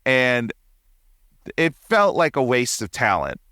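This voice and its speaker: A young man co-hosting a casual movie review podcast, animated and mock-exasperated, often dropping into quoted voices. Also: medium pitch, takes it slowly, dry recording, clean studio sound. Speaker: podcast co-host.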